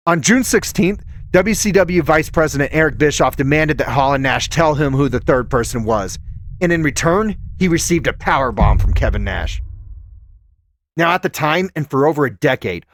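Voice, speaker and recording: A man's voice: mid-range voice, no echo. A man hosting his channel, giving a scripted countdown narration with a dramatic storytelling delivery. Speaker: channel host.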